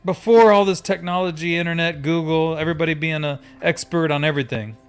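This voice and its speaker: A man's voice: on the high side, fast, smooth, faint music behind. A man hosting a casual chat in an upbeat way, welcoming guests.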